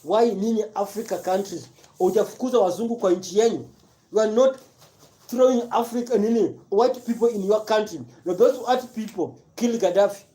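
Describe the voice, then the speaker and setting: Fired-up commentator, mellow voice. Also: medium pitch, a little fast. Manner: repetitive, emphatic, rhetorical questions. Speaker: live-stream commentator. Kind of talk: impassioned political rant mixing Swahili and English.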